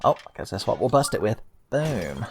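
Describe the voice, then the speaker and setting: A man's voice: fairly low pitch, very animated, moderate pace. A man in his thirties giving casual gameplay commentary as a let's play host, with jokey, sarcastic and profane asides. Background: faint game music.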